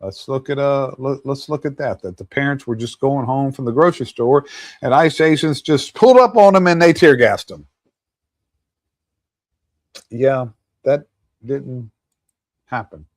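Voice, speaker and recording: A man's voice: medium pitch, lively intonation, measured pace, long pauses, no echo, clean studio sound. A man hosting a show, ranting with profanity and scornful laughs in political commentary. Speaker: host.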